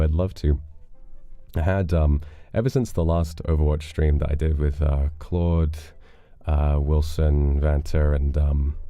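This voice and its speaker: A man's voice: extremely low pitch, gravelly, dark tone, no echo. A man streaming live, rambling casually as he reads donations and chats, with casual swearing. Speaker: livestreamer.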